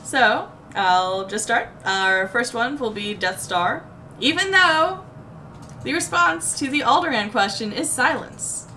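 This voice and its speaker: A woman's voice: fairly high pitch, animated, slow pace, pushed and bright, a little hiss or hum. A woman hosting a gaming news show, chatty and giggly with her guests.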